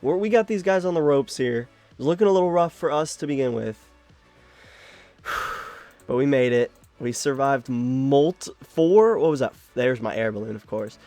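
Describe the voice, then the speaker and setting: A man's voice: mid-range voice, moderate pace, soft background music. A young man giving casual live commentary while he plays a card game, talking to himself, swearing and laughing at his luck. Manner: animated self-talk, swears, laughs at his own luck. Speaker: card game content creator.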